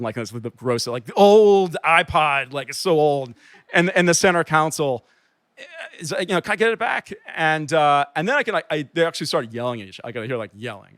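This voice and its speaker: A man's voice: mid-range voice, a bit bright, clean tone, no room sound. A man telling a personal story casually, rambling with lots of fillers and restarts. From transplant to New York. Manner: rambling, filler-heavy with many likes and restarts.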